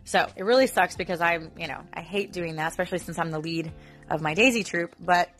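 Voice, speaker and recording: Woman, 30s, slightly low voice, rambling chatty vlog storyteller, faint music bed. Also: brisk, fairly bright tone. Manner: chatty, rambling, filler-heavy. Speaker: mother and Daisy troop leader.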